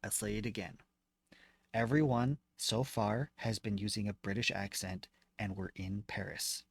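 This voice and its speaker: A man's voice: lowish voice, steady tone, measured pace, vocal fry, husky, dry recording. A man streaming a video game, reading its text aloud and chatting casually about what he reads while he works through puzzles. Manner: reads on-screen text aloud, then chats back. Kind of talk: casual let's-play commentary.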